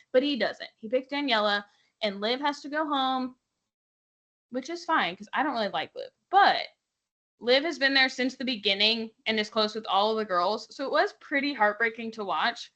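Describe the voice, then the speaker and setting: A young woman co-hosts a pop-culture podcast, running through reality TV gossip in loose, chatty asides. She sits a touch higher than most women and sounds sharp and bright, dropping "like" everywhere and jumping into other people's voices. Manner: chatty, animated, full of "like" and quoted voices. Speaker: podcast co-host. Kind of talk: casual chat recapping reality TV.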